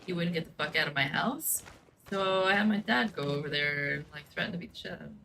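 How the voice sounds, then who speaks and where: Over a noisy background, a young woman streamer rattles through a personal story at speed in a low, creaky voice. She's casual, profane and blunt, filling her speech with "like."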